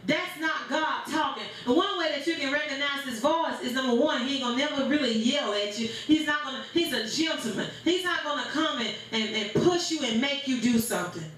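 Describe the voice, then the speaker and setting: A woman's voice: sits high, a little fast, hardly any pauses, a bit bright. A woman pastor preaching a sermon in a church, with rhythmic phrasing and call-and-response. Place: church sanctuary. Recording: very echoey church room.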